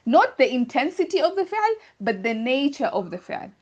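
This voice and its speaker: A woman's voice: high voice, very animated, normal speed, darkish tone, highs cut off. Woman teaching grammar on a video call. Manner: patient, explains step by step with examples. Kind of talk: online class explanation.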